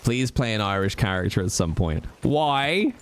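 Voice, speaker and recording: A man's voice: fairly low pitch, sing-song, normal speed, a little hiss or hum. A man streaming a role-play game, chatting casually with his viewers and swearing now and then. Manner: chatty, reads chat aloud, swears casually.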